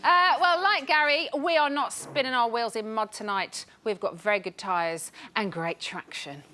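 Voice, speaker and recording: A woman's voice: fairly high pitch, moderate pace, a faint crowd. A British woman hosting a TV chat show, playful and teasing, laughing often between lines. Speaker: host. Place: TV studio with live audience. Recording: loud audience noise.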